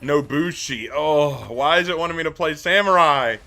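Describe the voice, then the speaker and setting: A young gaming streamer from the American South, his Southern accent mild and mostly suppressed, gives casual live-stream commentary as he plays. His slightly high voice moves at normal speed over soft background music, and he's animated, chatty, teasing, and laughs often.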